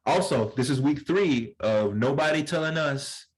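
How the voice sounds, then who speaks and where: A man's voice: mid-range voice, measured pace, poor audio. Slangy man telling stories in casual chat. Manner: animated storyteller, slangy, acts out voices in anecdotes. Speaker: podcast co-host.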